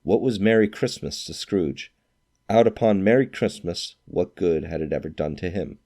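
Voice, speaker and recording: Deep-voiced man narrating a classic tale. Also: moderate pace. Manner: expressive storytelling, acts out quoted lines. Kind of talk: scripted narration of a classic novel.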